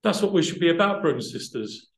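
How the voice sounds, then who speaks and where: A male preacher with a slightly high voice delivers a sermon in a reverberant church hall. He talks thoughtfully through word roots, then builds to emphatic, rising passages. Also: animated, fast.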